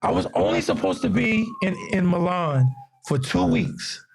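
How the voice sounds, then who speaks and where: A man's voice: high-pitched, moderate pace, a little hiss or hum. A man with a Mid-Atlantic American accent, a fashion designer guest on a podcast, telling stories in casual talk and acting out the voices of people he quotes. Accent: Mid-Atlantic US (DMV). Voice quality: gravelly, husky. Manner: animated storyteller, acts out quoted voices.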